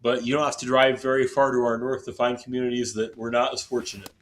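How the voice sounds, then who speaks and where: A man's voice: medium pitch, little pitch movement, fast, a little hiss or hum. A man from southern Indiana, casually chatting with his viewers as he plays a baseball game on stream, self-deprecating and talkative. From southern Indiana, USA. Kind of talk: casual live-stream commentary while gaming.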